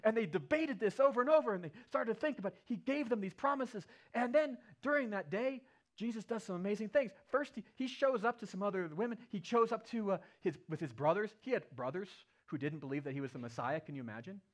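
High-voiced man preaching a storytelling sermon. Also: fast talker. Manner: animated, playful retelling with acted-out quotes. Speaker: pastor.

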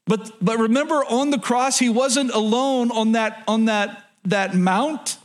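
Male pastor, high voice, emphatic sermon delivery, repeats key lines. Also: unhurried. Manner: emphatic, repeats phrases, addresses congregation directly. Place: church in front of a congregation.

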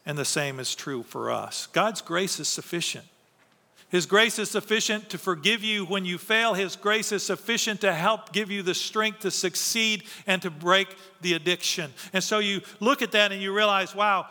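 High, bright-voiced preacher man in a reverberant hall. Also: moderate pace. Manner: earnest, emphatic preaching with rhetorical questions. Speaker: pastor. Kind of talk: sermon.

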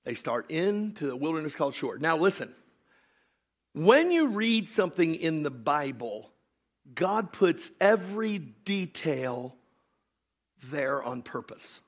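A man preaching a sermon, animated, swinging from shouted storytelling to hushed joking asides with his congregation. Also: on the high side, takes it slowly. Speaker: pastor.

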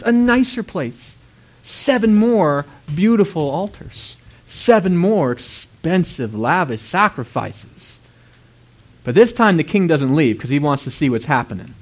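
A man preaching a sermon, retelling a story with lively, dramatic voices for its characters. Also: high-pitched, a little slow. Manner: animated storytelling, acts out characters with loud outbursts.

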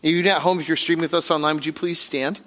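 A man preaching a sermon as pastor at a church service, in an energetic, joking, conversational way. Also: a little high, fast.

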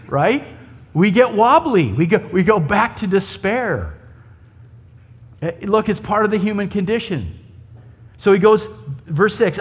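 Man, pastor, sermon, talky and conversational, somewhat high voice, long hall reverb. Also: big pitch swings, takes it slowly, long pauses, husky. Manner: conversational, asks rhetorical questions.

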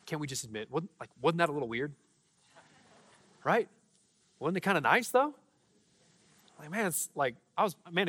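A young male pastor speaks to his congregation in a loose, fervent way, stumbling over fillers and restarts. His voice sits slightly high, and a long reverb from the church sanctuary trails each phrase. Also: a bit bright. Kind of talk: sermon with prayer and testimonies.

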